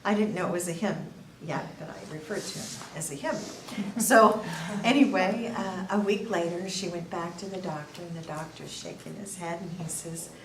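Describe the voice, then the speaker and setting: An older woman speaking at a faith workshop, telling a story in a lively, storytelling way and laughing at her own punchlines, recorded from a distance in an echoey room. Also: lowish voice, moderate pace. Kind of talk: faith testimony to a small group. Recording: echoey room from a distance, faint background noise.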